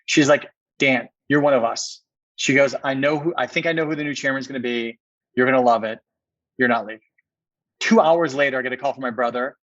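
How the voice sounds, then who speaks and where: A man sits as a podcast guest and tells a long personal story in an earnest way, repeating words for emphasis. His voice sits at an ordinary middle pitch. The audio is dry and slightly dull and muffled. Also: quick pace, a bit bright, dry recording. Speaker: podcast guest, company co-founder.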